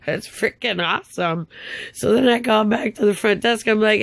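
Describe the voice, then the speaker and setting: A woman's voice: medium pitch, normal speed, no room sound. An older woman telling a story in a rambling, upset way, with stumbling restarts and bitter, sarcastic laughs. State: upset, tongue-tied. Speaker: vlogger. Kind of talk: casual storytelling monologue.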